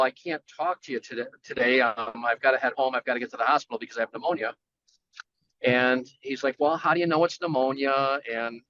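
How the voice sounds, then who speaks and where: A man's voice: medium pitch, a bit bright, lo-fi sound. A man telling a long personal story as a guest in casual talk, acting out the people he quotes in a raised voice. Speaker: guest, general contractor.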